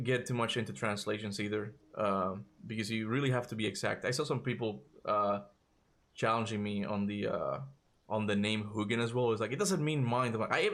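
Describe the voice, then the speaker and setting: Gravelly, breathless male streamer. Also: lowish voice, a bit bright. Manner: rambling, self-interrupting. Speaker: gaming streamer. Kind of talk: casual live-stream chat.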